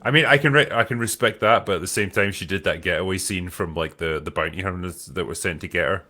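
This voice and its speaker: A man's voice: low voice, quick pace, sharp tone. A Scottish man hosting a podcast, reading out viewer questions in a laid-back, casual way and swearing freely. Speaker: podcast host.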